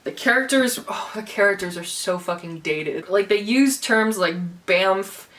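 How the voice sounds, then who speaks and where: A woman's voice: mid-range voice, expressive, measured pace, a bit bright, recorded from a distance. A young woman vlogging a book review, sarcastic and swearing, laughing between complaints and mocking what she reads. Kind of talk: casual vlog rant.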